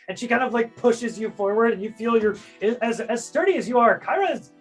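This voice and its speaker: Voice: medium pitch, animated, a little fast, hardly any pauses, soft background music, poor audio. A game master casually narrating a tabletop game scene, filling in with lots of hedges and fillers.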